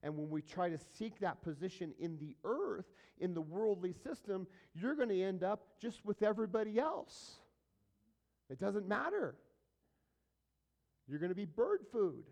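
A male pastor teaching a verse-by-verse sermon, casually asking his listeners questions and moving between quiet asides and louder emphatic passages. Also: high-pitched, expressive, unhurried, gravelly. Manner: conversational preaching, asks the audience questions, swings between soft and loud.

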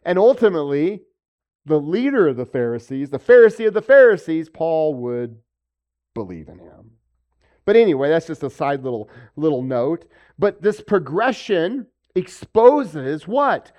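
A man's voice: on the high side, sing-song, unhurried, darkish tone. A man preaching a sermon, asking rhetorical questions and acting out the voices of the people he quotes. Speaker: pastor.

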